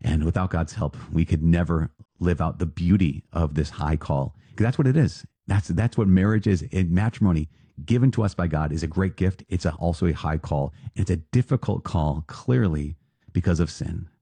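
A priest with a very low, mellow voice and a husky edge delivers an earnest podcast reflection. He repeats his phrases for weight. The sound is close and dry. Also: normal speed, no room sound.

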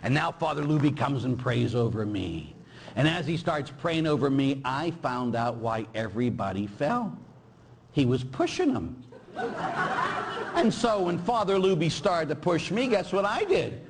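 Middle-aged male priest, animated homily storyteller, fairly high voice, big swings in pitch. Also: unhurried, slight background noise. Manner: animated storyteller, acts out quoted people and sound effects, keeps tagging "huh?". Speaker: Catholic priest.

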